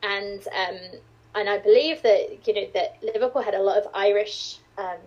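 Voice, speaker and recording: A woman's voice: mid-range voice, normal speed, lo-fi sound. A woman from the UK with a formal British English accent, a podcast guest chatting casually, laughing often and hedging her points. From United Kingdom.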